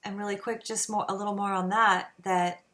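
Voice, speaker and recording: A woman hosting her own channel, talking in a slow, reflective monologue with many pauses and fillers. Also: mid-range voice, flat delivery, pushed and bright. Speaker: channel host. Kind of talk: casual spiritual monologue.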